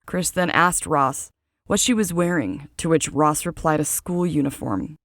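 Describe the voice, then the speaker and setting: A woman's voice: low voice, a little slow, fairly bright tone, dry recording, studio quality. A woman hosting a true crime podcast, reading a script and adding casual personal asides.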